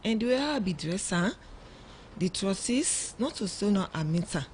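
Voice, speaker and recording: A woman speaks in a Sierra Leonean Krio accent, a mother recounting events as a guest on a radio show. She tells it in an animated way and acts out the voices of others. Her voice sits at an ordinary middle pitch, with a faint hiss of noise behind it. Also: moderate pace. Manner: animated storytelling, acts out quoted dialogue. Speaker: mother of a young girl, guest. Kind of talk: emotional first-person account on radio. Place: radio studio.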